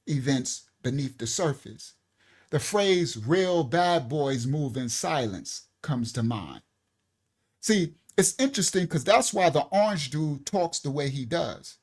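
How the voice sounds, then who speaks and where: Casting note: ministry host, male, casual and animated teaching talk, with a lively, upward-swinging delivery. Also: sits high. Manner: animated, repeats "right?" and "listen clearly", colloquial.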